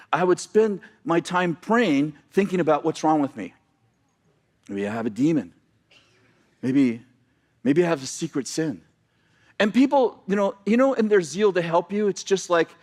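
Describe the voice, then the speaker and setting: A male pastor preaching a sermon in a church, animated and excitable, often breaking into loud shouting and laughing at himself. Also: on the high side. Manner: animated, reads scripture then paraphrases loudly.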